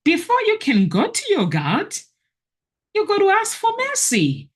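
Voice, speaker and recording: A woman voicing a mocking dark spirit that claims her family, in a high, strained voice. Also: wildly swooping pitch, measured pace, exaggerated voice. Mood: taunting.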